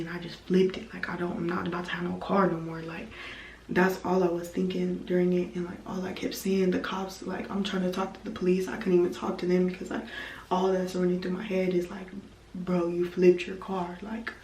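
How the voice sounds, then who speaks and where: A young woman recounts a story in a casual vlog, full of "like" and restarts. Her voice sits low and stays fairly level. She sounds a bit far from the mic in an echoey room, with faint background noise. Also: monotone, brisk, a little mellow. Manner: rambling, heavy use of "like" fillers. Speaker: vlogger.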